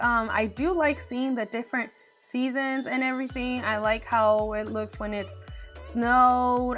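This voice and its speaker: A woman's voice: fairly high pitch, fairly bright tone. A young woman from Arizona chatting casually in a get-to-know-me Q&A, candid and chatty with frequent fillers. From Arizona, USA. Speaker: beauty vlogger.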